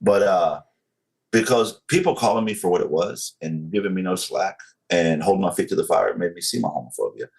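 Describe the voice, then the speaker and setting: A man in his forties from North Carolina with a Southern accent, telling his story as a podcast guest in a slow, controlled way. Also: deep voice, creaky, darkish tone. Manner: slow, controlled, deliberate delivery.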